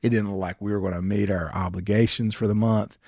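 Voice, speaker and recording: A man, a ministry founder and guest, sharing stories in an earnest, animated way, often restarting his sentences. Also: lowish voice, fairly quick, no room sound, studio quality. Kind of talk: conversational storytelling interview.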